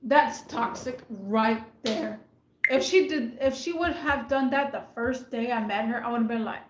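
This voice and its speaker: A woman's voice: a little high, unhurried, roomy sound. A woman venting in a casual rant to camera, emphatic and indignant, hammering her points by repeating them. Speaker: retail worker venting about managers.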